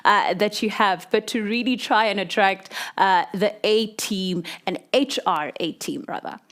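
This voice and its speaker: A woman moderating an online panel discussion, with many drawn-out fillers between phrases. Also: medium pitch, fairly bright tone.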